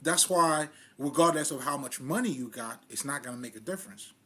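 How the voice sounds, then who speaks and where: A man's voice: medium pitch, animated, fairly quick, pushed and bright, slightly rough. A man giving a loose, casual spiritual monologue in street slang, swearing freely and often laughing at himself. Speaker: spiritual vlogger.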